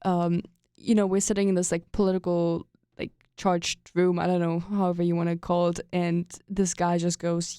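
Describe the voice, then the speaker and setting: A woman's voice: fairly low pitch, normal speed, hardly any pauses, smooth, no echo, studio quality. A young woman from Germany with a German accent, hosting a casual podcast chat and telling stories with frequent laughs. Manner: animated storyteller, laughs often, trails off mid-sentence. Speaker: podcast host.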